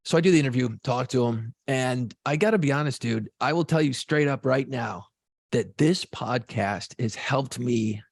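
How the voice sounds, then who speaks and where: A man's voice: mid-range voice, normal speed, vocal fry, no echo. A man co-hosting a podcast in casual chat, telling stories animatedly and swearing freely. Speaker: podcast co-host.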